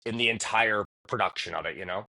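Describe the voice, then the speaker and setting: A man's voice: on the low side, fast, creaky, bright, forceful tone. A man co-hosting a casual podcast chat, rambling with frequent fillers, restarts and casual swearing. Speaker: podcast co-host.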